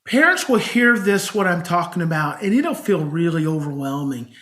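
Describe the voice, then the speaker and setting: A man's voice: a little high, normal speed. A middle-aged man, a child behavior specialist on a podcast, telling stories conversationally and acting out the parents he quotes. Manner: animated, acts out parents' voices when quoting them. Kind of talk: conversational storytelling.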